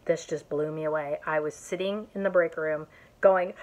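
A chatty woman from Indiana shows off her craft haul, laughing at herself and getting excited. She is tired from an early start. Her voice sits a little low. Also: moderate pace. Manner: chatty, giggly, self-mocking, excitable. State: tired, up since early morning. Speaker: YouTube vlogger showing a haul. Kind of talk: casual haul vlog chat.

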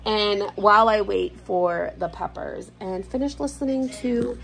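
A woman's voice: medium pitch, measured pace, gravelly, a bit bright, breathy edge. A woman ranting bluntly and swearing freely while she cooks in her kitchen for a vlog. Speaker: vlogger. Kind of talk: casual rant while cooking. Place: home kitchen.

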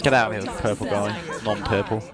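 A man's voice: fairly low pitch, flat delivery, a little fast, over loud music, a loud crowd. A man in easygoing, joking chat with a friend while playing a video game. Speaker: gamer. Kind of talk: casual gaming chat.

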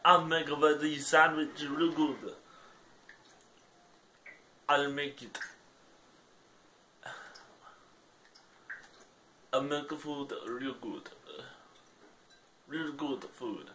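A man voicing a goofy character in a put-on accent, talking in a slow, drawn-out, boasting way. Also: a little high, bright, forceful tone, slight background noise. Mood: boastful.

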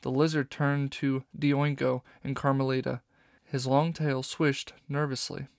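Male narrator, audiobook, steady storytelling, mid pitch, gravelly. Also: measured pace, no room sound, clean studio sound.

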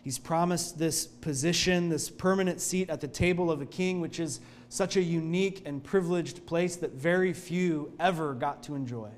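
A male pastor preaching a sermon in a church, telling the story in an earnest, expressive way. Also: fairly high pitch, normal speed, few pauses, a little hiss or hum.

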